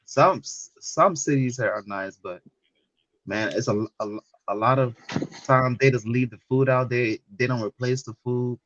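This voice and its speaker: A man's voice: mid-range voice, a little slow, fairly bright tone, no echo. A man in casual podcast chat making blunt, slangy remarks. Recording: dull lo-fi recording.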